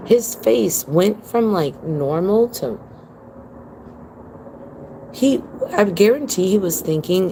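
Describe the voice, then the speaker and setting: A woman with a medium-pitched voice and lively intonation speaks slowly, with long pauses, over background noise. She's livestreaming from home on her phone, telling her viewers a story bluntly and profanely with plenty of emphasis and calling them "girl."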